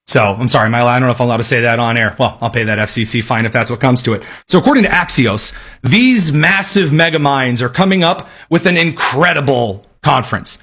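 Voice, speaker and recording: A man's voice: medium pitch, lively intonation, quick pace, a bit bright, husky. A man delivering sarcastic, emphatic political commentary in a ranting style. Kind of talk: opinionated commentary.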